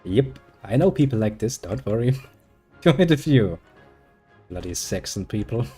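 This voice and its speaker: A man's voice: mid-range voice, lively intonation, a little slow, dark tone, husky, faint music behind. A German man chatting casually while gaming, dry and sarcastic. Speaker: gaming co-host.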